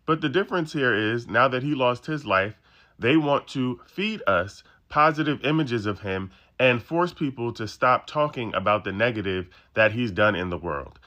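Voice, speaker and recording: A man's voice: mid-range voice, lively intonation, normal speed, pushed and bright. A man delivering a pointed opinion monologue as a commentator. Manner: pointed, argumentative.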